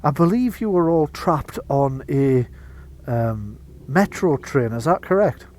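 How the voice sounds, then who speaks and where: A man voicing a polished female morning-show host in a bright, scripted presenter tone. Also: fairly high pitch, lively intonation, slow pace, slight background noise. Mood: polite.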